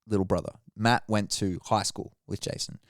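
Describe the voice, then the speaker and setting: A man co-hosting a podcast, telling crude, animated stories and acting out the people in them. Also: on the low side, normal speed, no echo, studio quality. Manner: animated, crude jokes, acts out voices. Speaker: podcast co-host. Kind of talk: casual chat, comic storytelling.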